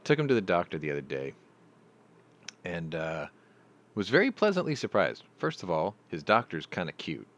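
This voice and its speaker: A man's voice: low-pitched, big pitch swings, moderate pace, fairly bright tone. A middle-aged man hosting a casual live chat, rambling through stories and swearing freely. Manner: profane, rambling storyteller. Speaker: host.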